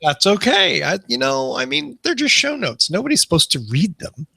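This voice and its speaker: Podcast guy cracking dry jokes, bright forceful voice, kinda high, dead dry mic. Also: very animated, normal speed, gravelly, breathy edge, dry recording. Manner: joking, facetious. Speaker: podcast co-host. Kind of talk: casual podcast banter.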